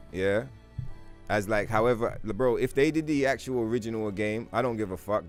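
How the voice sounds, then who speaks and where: Low-voiced dude streaming games, cussing and rambling at chat, faint music under it. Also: male voice. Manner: profane, rambling, animated; talks to his chat. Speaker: livestreamer. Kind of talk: casual gaming stream chat.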